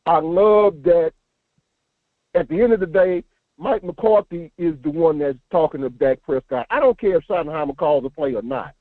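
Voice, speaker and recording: A man's voice: on the high side, normal speed, no room sound. A man calling into a live show, talking in a rambling, emphatic way and repeating his words. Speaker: caller. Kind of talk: casual call-in chat. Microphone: phone. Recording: tinny phone line.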